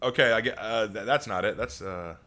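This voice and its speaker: A man's voice: lowish voice, brisk, sharp tone. A man chatting casually on a live stream, joking with his chat, laughing often and restarting his words.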